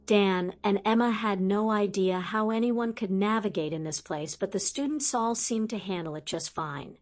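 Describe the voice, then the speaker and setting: A woman reading a fan-written audiobook as narrator, in a steady scripted narration. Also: mid-range voice.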